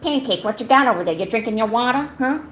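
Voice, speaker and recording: A woman's voice: on the high side, lively intonation, quick pace, a bit bright, soft background music. A woman voicing a tough-talking old-time male mobster, using clipped, threatening mob slang in an old-movie style. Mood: menacing.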